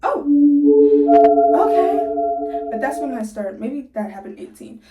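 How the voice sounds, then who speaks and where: Young woman vlogger, 19, chatty and quick with asides, slightly high voice, sore jaw, echoey room. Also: lively intonation, recorded from a distance, over music. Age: young adult, 19. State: sore jaw from recent surgery. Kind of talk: casual storytelling to camera.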